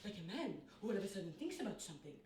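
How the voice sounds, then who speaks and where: A woman plays a boastful, theatrical young nobleman in a stage comedy, swooping through lively exclamations at a racing pace with a medium pitch and light acting. Her voice comes from a distance in a roomy studio room, with faint background noise.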